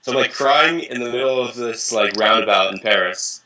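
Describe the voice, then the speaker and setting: Bright-voiced young man telling stories. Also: mid-range voice, a little fast, low-quality recording. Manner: animated, profane, acts out quoted voices. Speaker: interview guest, dating coach. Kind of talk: casual storytelling.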